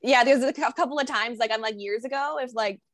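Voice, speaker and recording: A woman's voice: on the high side, brisk, fairly bright tone, no room sound. A woman guest on a podcast interview, talking in a rambling, reflective way with many fillers. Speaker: guest, body acceptance coach.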